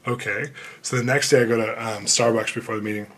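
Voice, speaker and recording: A man telling a personal story as a podcast guest, in an animated way. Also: on the low side, quick pace. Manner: animated, acts out quoted voices. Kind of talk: storytelling in conversation.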